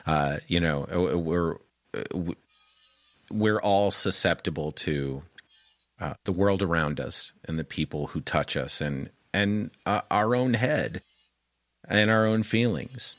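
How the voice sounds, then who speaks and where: Man hosting a podcast, gently probing, slow and measured, low voice. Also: no echo. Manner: halting and thoughtful, gently probing. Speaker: podcast host. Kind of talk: interview conversation.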